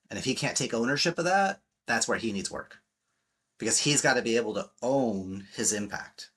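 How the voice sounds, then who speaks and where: A man's voice: lowish voice, expressive, fairly quick, bright, forceful tone, breathy edge. A man speaking as a relationship coach in a podcast interview, emphatic and blunt, swearing freely and acting out quotes.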